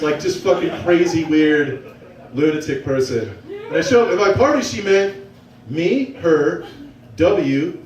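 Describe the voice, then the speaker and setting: A young man telling a profane, excitable, self-mocking story on stage to a live audience. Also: on the high side, slight background noise. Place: small venue with a live audience. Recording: roomy, from a distance.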